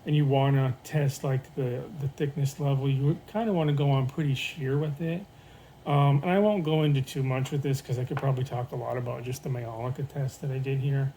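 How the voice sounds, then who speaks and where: A man with a mellow, softly dark voice walks through his pottery tests in an easy, unhurried show-and-tell. He thinks out loud, trailing into ums and restarting his sentences, with a faint hum of noise underneath. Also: medium pitch, rough recording. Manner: relaxed, thinks aloud with fillers and restarts.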